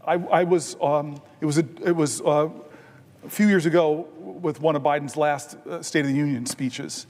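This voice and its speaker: A man's voice: a little high, fairly even intonation, moderate pace, darkish tone. A man, a senator holding the floor, telling a personal story with self-deprecating humor in an extemporaneous floor speech in a large legislative chamber. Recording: long chamber reverb.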